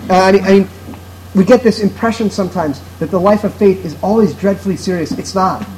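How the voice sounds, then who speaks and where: A man's voice: sits high, brisk, background noise. A man preaching a sermon to his congregation in an earnest, emphatic way, driving his points home through repetition. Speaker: pastor.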